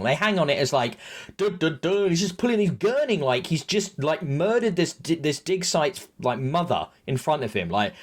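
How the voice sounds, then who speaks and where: Podcast co-host, man, bouncy animated delivery, jokey recap on headset. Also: on the high side, normal speed. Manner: excitable, jokey, acts out scenes. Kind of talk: casual recap chat.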